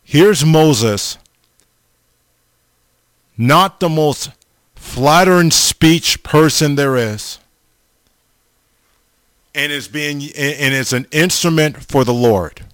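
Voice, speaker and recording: Male preacher, informal sermon, slow deliberate delivery, smooth clear tone, slightly high voice. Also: fairly bright tone, no echo. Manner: slow, halting, repeats the audience name often.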